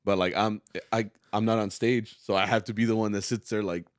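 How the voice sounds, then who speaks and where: Casting note: man, low voice, dry close mic, relaxed podcast host who directs school music and slips into Spanish. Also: a little fast, no room sound. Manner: relaxed, rambling, laughs often, mixes in Spanish. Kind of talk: casual podcast chat.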